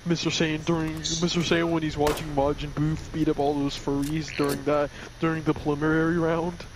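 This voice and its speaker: A man's voice: on the high side, level tone, fairly quick. A man chatting casually with friends, rambling and joking. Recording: noisy amateur recording.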